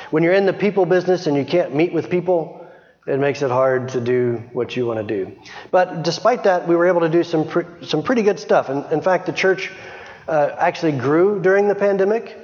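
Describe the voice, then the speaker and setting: A middle-aged man speaks to a congregation in a relaxed, chatty way, often restarting his sentences. His voice sits a little high for a man. The recording is muffled and carries the long echo of a large hall. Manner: chatty, many restarts and small laughs. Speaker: missionary reporting to a church. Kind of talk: informal church talk. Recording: dull sound, long hall reverb.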